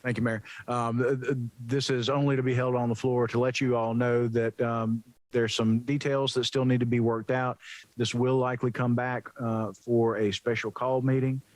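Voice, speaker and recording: A man's voice: mid-range voice, level tone, moderate pace, no room sound. A man on a city council giving polite, friendly remarks and motions at a meeting.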